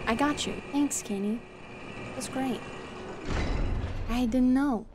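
High-voiced woman streamer reacting to play. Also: slow, long pauses, noisy background. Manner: chatty, swears, jumps from loud outbursts to mumbling. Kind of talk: casual gaming commentary.

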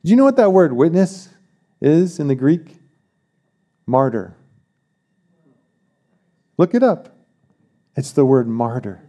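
A man's voice: on the high side, sing-song, slow pace, pauses often, warm tone. A man preaching a sermon as pastor, emphatic, repeating key phrases and asking the congregation questions.

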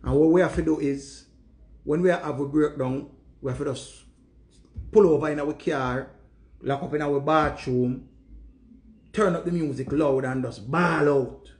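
A grieving Jamaican man speaks in a somewhat high voice, leaning on words and repeating lines for weight. He talks in heavy patois, an emphatic monologue to the camera. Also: fairly even intonation, measured pace, pauses often, darkish tone. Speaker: vlogger.

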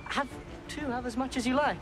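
A man's voice: very high-pitched, steady tone, a little fast, a bit bright, faint music behind. An actor with a posh southern English accent playing a cruel, sneering young king who speaks with mock hospitality. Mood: mock-generous.

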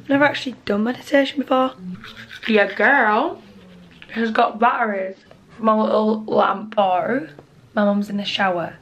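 A woman, chatting casually to camera at home, rambling and often speaking quietly. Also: medium pitch, fairly even intonation, normal speed, a little hiss or hum. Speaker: lifestyle vlogger. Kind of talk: casual vlog chat to camera. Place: at home in a bedroom at night.

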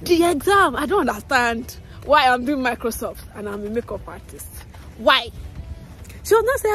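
A woman's voice: a little high, big pitch swings, normal speed, fairly bright tone. A young woman with a Nigerian accent, chatting casually to camera in a vlog and slipping in Pidgin phrases. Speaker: vlogger.

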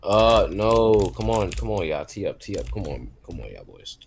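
A man's voice: low voice, lively intonation, moderate pace, gravelly, a little mellow, a little hiss or hum. A man hosting a live game stream, chatting casually with viewers and teammates in slangy, laid-back talk. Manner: laid-back, slangy, repeats questions to chat. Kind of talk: casual chat while gaming.

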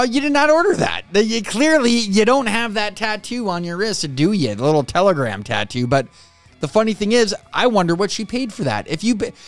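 A man hosting a reaction video, chatting casually and chuckling at clips. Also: sits high. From northern United States. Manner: chuckles often, chatty and amused.

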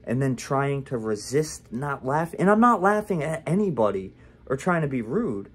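A man's voice: medium pitch, sing-song, normal speed, husky. A young man talking candidly to the camera in a casual vlog, rambling with lots of fillers and restarts. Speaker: vlogger.

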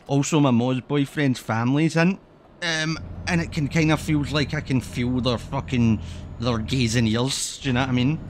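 A man's voice: mid-range voice, steady tone, moderate pace, a little hiss or hum. A man giving casual, rambling commentary while playing a driving game, swearing freely as he chats. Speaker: streamer.

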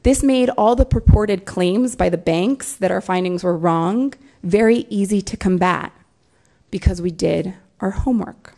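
A woman delivers a prepared symposium talk with measured, emphatic phrasing. Her mid-range voice has a gravelly, creaky edge that runs through her speech. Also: mid-range voice, mellow. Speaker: media lawyer giving a symposium talk.

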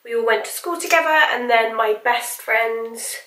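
A woman's voice: a little high, moderate pace, a bit bright, roomy sound, far from the mic. A woman in her twenties from England, chatting casually as she does her makeup on camera. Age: 20s. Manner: chatty, informal, with slang like "bloody hell" and "reckon". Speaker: makeup vlogger. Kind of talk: casual get-ready-with-me chat.

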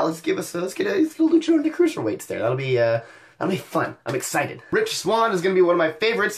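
Excitable young man recapping wrestling. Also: a little high. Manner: energetic, wisecracking, animated outbursts. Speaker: wrestling podcast host. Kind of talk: excited solo show recap.

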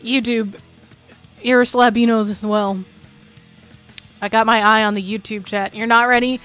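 A woman's voice: on the high side, steady tone, fairly bright tone, soft background music. A woman streamer chatting casually and rambling, laughing easily and talking straight to her viewers. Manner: chatty, rambling, quick laughs, addresses chat. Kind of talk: casual live-stream chat.

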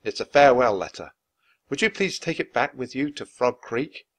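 A man's voice: medium pitch, expressive, moderate pace. A man doing a stern army captain. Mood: grave. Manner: stern, commanding.

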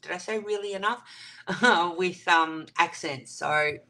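Bright-voiced, chatty Australian woman. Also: on the low side, unhurried. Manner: chatty and affectionate, greeting viewers by name with pet names. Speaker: livestream host. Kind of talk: casual livestream chat reading viewer comments.

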